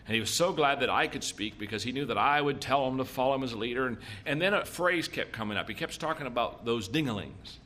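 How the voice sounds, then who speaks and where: A man's voice: mid-range voice, expressive, fast, few pauses, pushed and bright, slight background noise. A middle-aged man giving a leadership seminar talk, telling folksy stories and repeating his points for emphasis. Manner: folksy storytelling, emphatic repetition. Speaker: leadership speaker.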